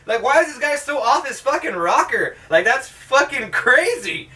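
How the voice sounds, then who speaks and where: A man's voice: very high voice, sing-song, moderate pace, pushed and bright, far from the mic. A man reviewing a movie in a casual, rambling, sarcastic way, heavy on swearing. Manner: profane, rambling, sarcastic, with mocking put-on voices.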